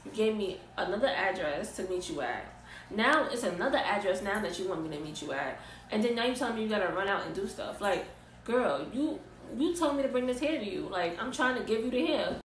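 A young woman in casual, slangy storytime vlog style, recounting events in an animated way. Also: mid-range voice, a little fast, a little hiss or hum. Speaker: vlogger. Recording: roomy echo, distant mic.

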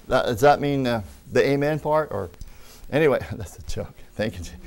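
A male preacher delivering a teaching sermon in an ordinary middle-pitched voice. He preaches emphatically and calls out amen with enthusiasm. Wry little asides and jokes slip in between points. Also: animated, a little fast.

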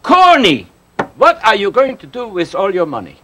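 Casting: man playing a lively, playful shopkeeper who fakes accents, higher voice with a wide-ranging delivery. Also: normal speed, slight background noise, exaggerated voice. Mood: excited. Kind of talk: children's video acting.

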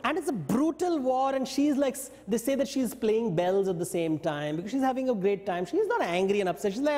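A man giving a lecture, telling stories in an animated way and briefly acting out what the characters say. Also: high voice, a little fast, hardly any pauses, in a large hall. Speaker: invited speaker. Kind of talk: lecture on mythology. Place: yoga studio talk.

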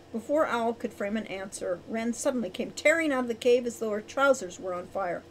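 Woman audiobook reader, bright higher voice, gives each character its own voice. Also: lively intonation, a little fast, few pauses, a little hiss or hum, rough recording. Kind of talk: storybook narration.

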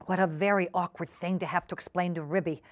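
A woman's voice: on the low side, steady tone, fast, no echo, studio quality, close to an everyday voice. A woman voicing a fretful, flustered lady dog in a storybook reading, sighing and stammering.

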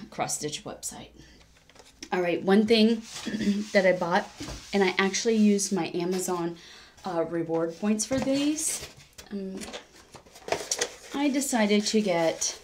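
A woman's voice: mid-range voice, slight background noise. A woman chatting casually on her cross-stitch vlog, rambling, correcting herself as she goes and laughing often. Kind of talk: casual crafting vlog chat.

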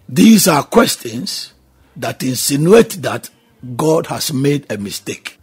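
A man's voice: a little high, sing-song, takes it slowly, a little mellow, slightly rough, faint music behind. A man with a Ghanaian accent preaching a radio sermon, emphatic, firing exclamations and questions at the listener. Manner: alternates between two languages. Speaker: pastor.

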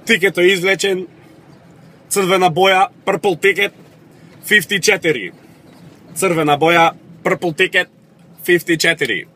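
A man's voice: high voice, normal speed, pauses often, bright, forceful tone, voice pushed up. A man voicing a raffle announcer at a community ball, calling out tickets in a sing-song way. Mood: announcing.

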